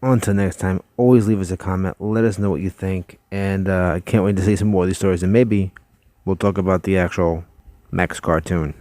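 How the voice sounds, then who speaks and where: A man with a lowish, mellow voice tells a personal story straight to his viewers, chatty and animated, laughing as he goes. The sound is dry and close, with no room around it. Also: a little fast, no room sound. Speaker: channel host. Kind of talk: casual storytelling to camera.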